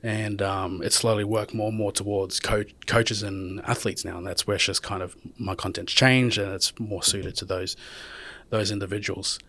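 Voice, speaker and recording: A man's voice: fairly low pitch, steady tone, normal speed, sharp tone. A man hosting a casual podcast chat, asking questions and often restarting his sentences. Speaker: podcast host.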